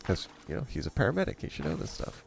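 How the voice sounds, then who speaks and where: A man's voice: fast talker, slight background noise. A man hosting a gaming channel, rambling through a story in a casual way and chuckling often between remarks. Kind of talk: casual storytelling over gameplay.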